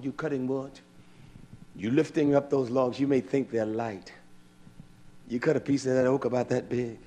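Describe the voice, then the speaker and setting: A man preaching with fire, cursing and swinging from shouts to hushed asides. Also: mid-range voice. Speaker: religious teacher. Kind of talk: impassioned preaching.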